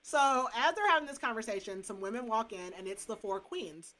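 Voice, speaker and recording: In a casual book recap, a young podcast co-host talks briskly in a fairly high voice. She's chatty and animated, peppering her speech with "like" and "um."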